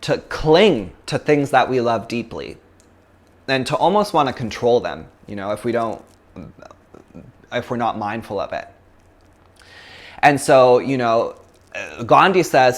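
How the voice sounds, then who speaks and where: A man's voice: mid-range voice, sing-song, measured pace, pauses often. A man from Canada, a yoga teacher giving a chatty, casual philosophy talk, full of fillers and laughs.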